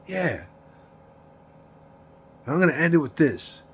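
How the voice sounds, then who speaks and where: With a fairly high, husky, animated voice at a measured pace, a forties-aged vlogger confesses his past in a rambling, profane monologue. He repeats words, laughs between lines, and frequently says "you know what I mean."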